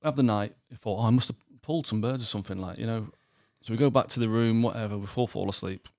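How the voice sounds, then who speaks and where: A man, co-hosting a goalkeeper podcast and telling an animated night-out story with lots of acted quotes. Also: fairly low pitch, quick pace, dry recording, studio quality. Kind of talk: casual chat, telling a story.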